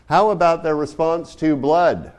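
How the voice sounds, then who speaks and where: A man's voice: on the high side, fairly even intonation, unhurried. A man giving a casual art history lecture, talking to students and asking them many rhetorical questions. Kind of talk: classroom lecture.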